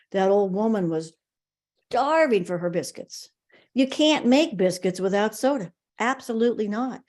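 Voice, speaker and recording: Expressive woman telling a folk tale. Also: mid-range voice. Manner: rhythmic, expressive narration. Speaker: storyteller. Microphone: video call.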